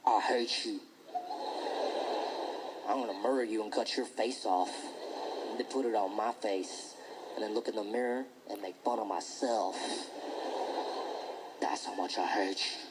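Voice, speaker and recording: A man voicing a menacing schoolboy bully who makes slow, deadpan threats in a deep growl. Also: background noise, lightly acted.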